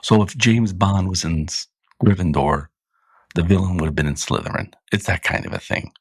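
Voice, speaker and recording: Deep gravelly American man hosting. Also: normal speed, dry recording. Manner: rambling, self-correcting, laughs at own jokes. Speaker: podcast host. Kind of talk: casual chat.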